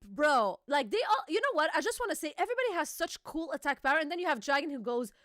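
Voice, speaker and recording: A woman hosting a casual reaction chat, excitable, swearing freely and laughing often. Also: high-pitched, fast talker, dry recording, clean studio sound. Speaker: host.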